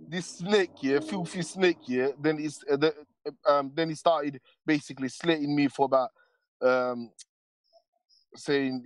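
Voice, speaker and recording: A man's voice: on the high side, fairly even intonation, moderate pace, no room sound. Slangy man on a rant. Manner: rambling, heavy street slang, many repeated tags. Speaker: stream panelist. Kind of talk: casual heated rant.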